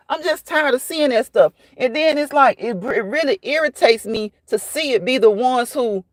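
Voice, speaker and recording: A woman's voice: high voice, expressive, normal speed, few pauses, no echo. A woman hosting a casual livestream, chatting and fussing while she answers viewers by name. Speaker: livestream host reading chat.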